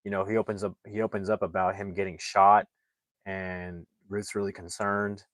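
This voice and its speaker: A man's voice: low voice, flat delivery, normal speed, no echo. A man reviewing a movie, casually retelling the plot in a rambling way with lots of fillers and restarts.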